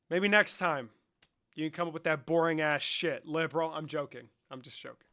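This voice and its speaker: Young guy streamer, joking and sarcastic, swears a lot, bright tense voice, kinda high. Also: brisk. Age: young adult. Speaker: livestreamer. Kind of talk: casual livestream chat.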